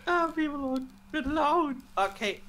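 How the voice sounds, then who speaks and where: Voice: sits high, expressive, normal speed, fairly bright tone, slight background noise. A co-host from Scandinavia on a live stream, chatting casually and giggling often. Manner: giggly and playful.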